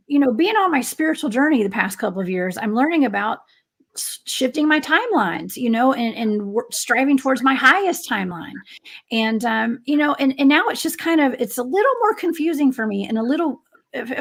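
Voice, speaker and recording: A woman hosts a radio talk show, her higher voice heavy with vocal fry. She chats casually and answers her guest with quick interjections. She thinks aloud as she talks. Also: lively intonation. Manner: chatty, reacts with short interjections.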